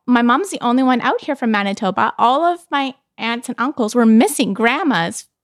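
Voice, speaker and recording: A woman's voice: fairly high pitch, lively intonation, moderate pace, no echo, clean studio sound. A woman in her thirties from Canada, telling stories in casual chat and laughing often. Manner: laughs often, chatty storytelling.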